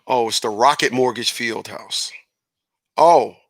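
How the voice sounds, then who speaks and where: A man hosting a casual radio talk show, animated and rambling, correcting himself and chuckling as he goes. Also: mid-range voice, slow, dry recording.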